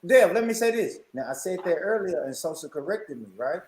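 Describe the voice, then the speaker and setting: A man hosting a casual group chat, animated and laughing, repeating phrases as he goes. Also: high voice, a little fast, low-quality recording. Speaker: host.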